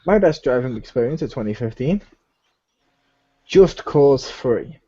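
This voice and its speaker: A man's voice: mid-range voice, measured pace. A man hosting a casual gaming podcast, telling stories animatedly and acting out lines from games. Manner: animated storyteller, acts out game characters' lines. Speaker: podcast host. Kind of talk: casual chat. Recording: dull lo-fi home recording.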